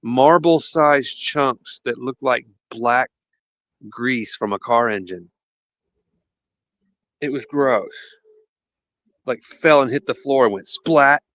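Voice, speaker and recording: A man hosting a podcast, chatting casually and telling animated stories with frequent laughter. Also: mid-range voice, takes it slowly, long pauses, dry recording. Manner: animated storyteller, laughs often. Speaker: podcast host. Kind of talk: casual chat.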